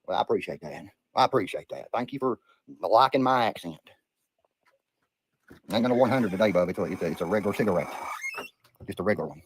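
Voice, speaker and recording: Expressive and fast, with a lowish voice, frequent pauses, and a bit of hiss or hum, he's a man from Eastern Kentucky, USA. In an Appalachian accent, he curses and wanders through casual livestream talk beside a river.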